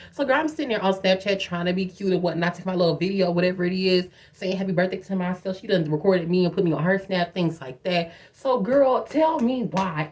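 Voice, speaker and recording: A woman telling a personal story to her viewers in a chatty, profane, animated way, often calling them "girl". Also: lowish voice. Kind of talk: casual storytime monologue.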